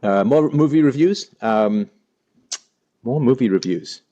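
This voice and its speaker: A man's voice: mid-range voice, lively intonation, measured pace, mellow, highs cut off. A man hosting a casual live stream, playfully greeting viewers by name and joking as he reads the chat. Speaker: livestream host.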